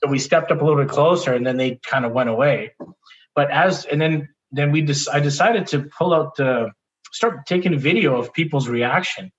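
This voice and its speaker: A man being interviewed, telling a personal story in a candid, animated way, often restarting sentences and laughing as he talks. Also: on the high side, normal speed, highs cut off. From Canada. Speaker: interview guest.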